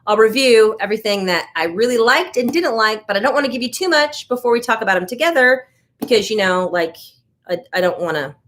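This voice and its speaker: Brisk and animated, this American livestream host has a slightly high voice with a fairly bright tone, and she chats casually while responding to comments from her audience.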